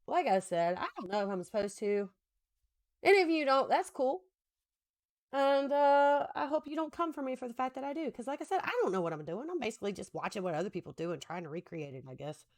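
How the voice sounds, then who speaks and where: A woman's voice: fairly high pitch, lively intonation, a little fast. Rambling woman chatting through her makeup. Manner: rambling, self-deprecating, talks to husband between steps. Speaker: makeup vlogger. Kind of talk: casual chatty makeup tutorial.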